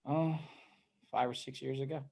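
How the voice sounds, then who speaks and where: A man co-hosting a casual chat, telling an animated story and often tagging his lines with "right?". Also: medium pitch, moderate pace, creaky. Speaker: co-host.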